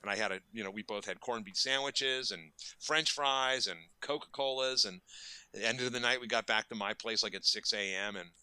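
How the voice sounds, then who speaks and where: Man, 50s, interview guest, animated storyteller, low-ish voice, very bright tone. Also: brisk, clear, resonant tone, no room sound. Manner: animated, acts out quotes with bursts of energy. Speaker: guest, makeup effects artist.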